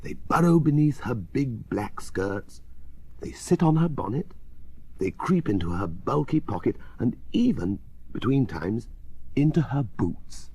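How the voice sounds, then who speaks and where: A man reading a children's story aloud in a very expressive, sing-song way. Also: medium pitch, measured pace, husky, no room sound. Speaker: reader.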